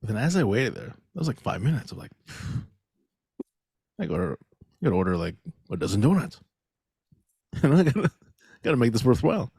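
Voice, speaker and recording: A gravelly, slightly husky man co-hosts a casual comedy podcast. His pitch swings widely as he tells his stories, and he keeps asking "you know what I mean?" The sound is dry and close to the mic. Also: sing-song, fairly quick, long pauses, darkish tone, no echo.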